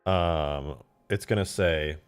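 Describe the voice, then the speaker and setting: A man commentating his game modding on a live stream, excitable and foul-mouthed, swinging into loud outbursts. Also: rumbling low, takes it slowly, soft background music. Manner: excitable, swears a lot, flares into loud outbursts.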